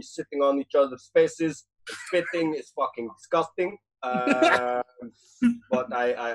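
A man's voice: fairly high pitch, natural voice. A man voicing a pompous male Russian spy pundit with a put-on Russian accent and a slight lisp, lecturing long-windedly in improvised role-play. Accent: put-on Russian, drifting English. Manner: long-winded mock lecture, halting fillers.

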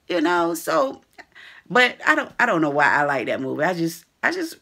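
A woman's voice: deep voice, moderate pace, vocal fry. A woman vlogger talks straight to her viewers in a loose, slangy chat. Her voice swoops up and down as she goes, and she laughs easily between thoughts. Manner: animated and laughing, chatty slang. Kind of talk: casual chat to camera.

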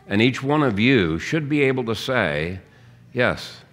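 A man's voice: medium pitch, animated, measured pace, a bit bright. A man preaching a sermon as pastor, teaching earnestly and reading out scripture. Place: church.

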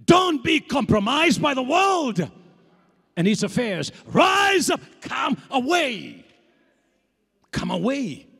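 A preacher with a strikingly high voice shouts his sermon across a big church hall, and the sound rings with long reverb. He speaks slowly and fervently, and his pitch swings widely as he rises to shouts and drops low again. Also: sing-song, gravelly. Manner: fervent, shouting calls to rise up. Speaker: apostle preaching.

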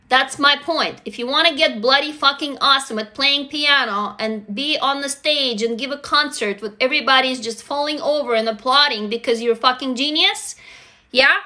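Bright high-voiced woman livestreaming, from Russia. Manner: energetic, swears freely, greets viewers. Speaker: livestream host. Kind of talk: casual livestream chat.

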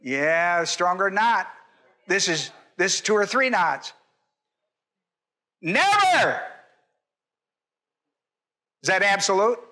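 A man's voice: high voice, measured pace, bright, forceful tone. An older man, a pastor, teaching a Bible sermon in an emphatic, repetitive way and putting questions to his congregation.

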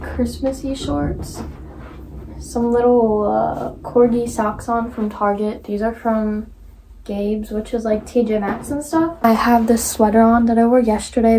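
A young woman chatting casually to camera in a vlog, bubbly and excitable, full of "like" fillers. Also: on the high side, slight background noise. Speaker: vlogger.

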